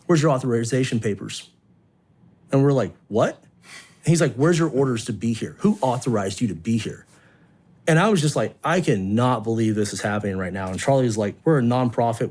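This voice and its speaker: A man who volunteers in rescue work, telling a story in an interview and acting out what people said. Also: medium pitch. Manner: animated, acts out quotes.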